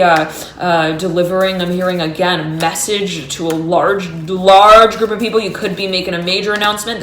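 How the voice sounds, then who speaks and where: A woman giving an intuitive tarot reading. She talks in a halting, meandering way and keeps saying she is "hearing" things between the cards. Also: fairly low pitch, fairly bright tone, a little hiss or hum. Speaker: tarot reader and astrologer. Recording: roomy echo.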